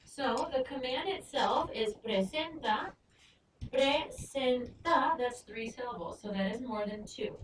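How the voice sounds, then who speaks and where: Woman teacher, slow and patient. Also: fairly high pitch. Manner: patient, clear, slows down to spell out Spanish words. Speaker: Spanish teacher. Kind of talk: recorded lesson narration. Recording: echoey room, far mic, noisy.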